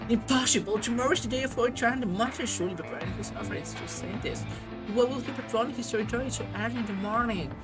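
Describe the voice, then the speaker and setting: A man voicing an excited, awestruck villager in a high, strained falsetto while reading a game story aloud, with drawn-out exclamations. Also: over loud music. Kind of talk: amateur game story reading with put-on voices.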